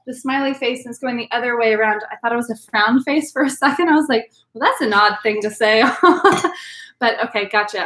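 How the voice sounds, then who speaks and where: A woman's voice: on the high side, a bit bright. A woman hosting a live-streamed virtual wine class, chatty and upbeat, with lots of "um" fillers. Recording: roomy echo.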